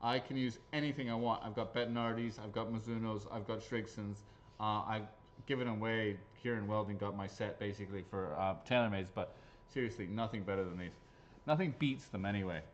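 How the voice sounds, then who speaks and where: A man's voice: fairly low pitch, fairly even intonation, brisk, dull audio, slight background noise. A man hosting live raffle draws, chatting casually and joking, swearing freely as he goes. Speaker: raffle host. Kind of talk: live-stream raffle draw chat.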